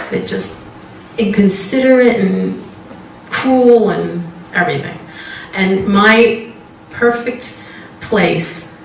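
A woman's voice: medium pitch, a little hiss or hum. A woman giving an informal faith testimony. She rambles, interrupts herself and laughs often as she tells her stories. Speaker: Christian speaker sharing a testimony. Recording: roomy, distant mic.

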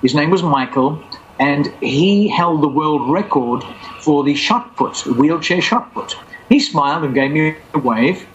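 Male guest storyteller, fairly high voice, lively testimony delivery, faint noise underneath. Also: a little slow, highs cut off. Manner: animated, acts out quoted voices.

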